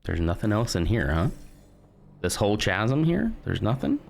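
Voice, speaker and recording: An American man streaming a video game, chatting casually with viewers and thinking out loud in a hesitant, musing way. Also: fairly low pitch, big pitch swings, moderate pace, vocal fry. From United States. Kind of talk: casual live-stream chat while gaming.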